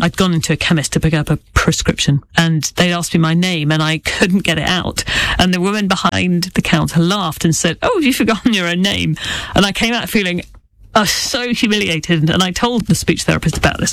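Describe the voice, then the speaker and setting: A woman's voice: lowish voice, vocal fry, no echo. A middle-aged woman author speaking candidly and thoughtfully in an interview, with occasional stammers and restarts. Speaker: author guest. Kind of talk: reflective interview talk.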